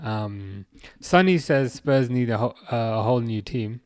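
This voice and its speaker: A man's voice: medium pitch, unhurried, darkish tone, no room sound, clean studio sound. A man hosting a casual football livestream, reading out viewer comments and answering them, hesitant and full of fillers and restarts. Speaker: livestream host.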